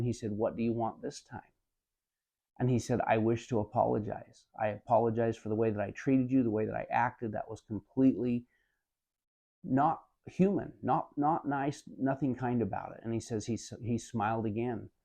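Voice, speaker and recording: Motivational speaker, man, gravelly low tone, earnest storytelling, keeps saying "he said". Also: moderate pace, dark tone. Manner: retells an anecdote, repeating "he said" often; addresses listeners as "my friends". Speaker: motivational speaker summarizing a book. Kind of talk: earnest spoken book commentary.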